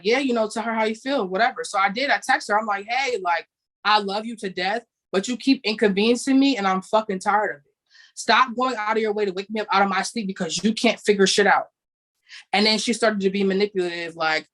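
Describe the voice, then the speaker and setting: A woman's voice: mid-range voice, poor audio. A young woman hosting a podcast, telling a personal story bluntly, with swearing and quoted dialogue. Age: young adult. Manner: blunt, profane, animated retelling with quoted dialogue. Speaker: podcast host. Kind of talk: candid storytelling.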